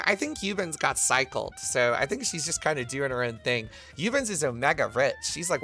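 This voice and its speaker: A man's voice: on the high side, sharp tone. A man livestreaming casually, reading his chat messages aloud and answering them with crude, profane jokes. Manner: crude, profane, joking banter.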